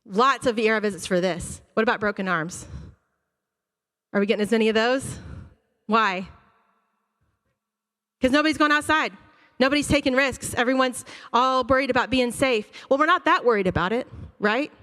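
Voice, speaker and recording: Animated woman in an echoing hall. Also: on the high side, normal speed, pauses often. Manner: animated, acts out student reactions. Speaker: school counselor giving a church talk. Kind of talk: conversational presentation to an audience. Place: church auditorium. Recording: long hall reverb.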